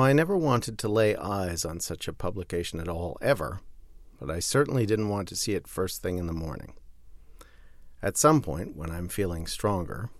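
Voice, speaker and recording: Low-voiced man hosting a podcast. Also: no echo. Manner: wry, dry asides between readings. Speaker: podcast host. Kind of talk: casual podcast reading aloud from a zine.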